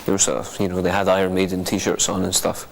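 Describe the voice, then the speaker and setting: A man in a band tells a rambling story in a very deep, gravelly voice. He speaks quickly and flatly, and keeps restarting his sentences. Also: a little hiss or hum. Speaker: band member. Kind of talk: casual interview.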